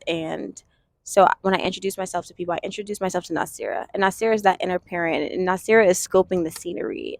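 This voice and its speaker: Earnest woman in her 20s doing a self-help vlog, thinks out loud, dry sound. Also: medium pitch, dry recording. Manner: earnest, thoughtful, pauses often with restarts. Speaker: vlogger. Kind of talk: reflective self-help talk to camera.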